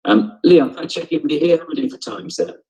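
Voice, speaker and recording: A man's voice: on the high side, lively intonation, fast, a little mellow, breathy edge. A man teaching an online drama lesson over a video call, explaining step by step and often checking in with "okay?". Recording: dull lo-fi video call audio.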